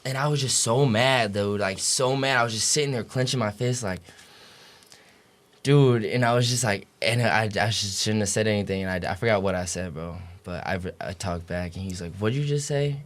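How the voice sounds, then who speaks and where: At normal speed, in a fairly low voice with fairly even intonation, a young adult college basketball player rambles through stories on a podcast. The casual chat is full of slang, heavy cursing and "you know what I'm saying" fillers.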